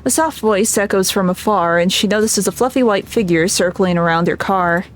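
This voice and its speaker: A woman's voice: mid-range voice, normal speed, soft background music. A woman streamer reading a game's story aloud, breaking off for chatty asides. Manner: narrating, with chatty asides and laughs.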